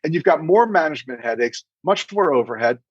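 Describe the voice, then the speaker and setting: A man's voice: on the high side, animated, a little fast, slightly rough, no room sound. A man, a dentist guest on a business radio interview, explaining things emphatically and with animation. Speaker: dentist and practice consultant, guest. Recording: dry, slightly dull radio audio.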